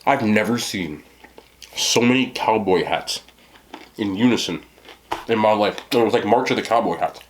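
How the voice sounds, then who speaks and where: A man in his thirties with a New Jersey accent and a lowish voice rambles through a story to camera on his mukbang show, laughing often. He speaks at normal speed with long pauses, says "you know what I'm talking about" a lot, and there's slight background noise.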